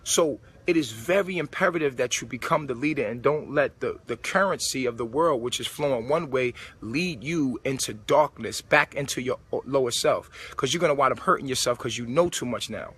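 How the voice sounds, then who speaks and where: A man's voice: medium pitch, fairly quick, hardly any pauses, a bit bright, husky. A man giving a casual spiritual monologue, preachy and full of street slang. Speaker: spiritual vlogger. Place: old supermarket converted to a club.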